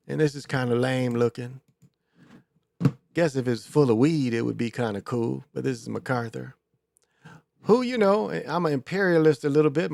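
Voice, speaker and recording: A man's voice: a little high, vocal fry, no echo, clean studio sound. A man hosting his own show in a rambling, crude, casual monologue full of fillers. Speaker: show host.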